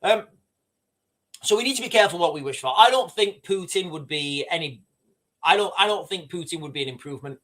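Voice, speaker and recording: A man's voice: sits high, animated, fairly quick, fairly bright tone. A man hosting a casual livestream, rambling and repeating himself as he reads out viewer comments. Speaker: livestream host.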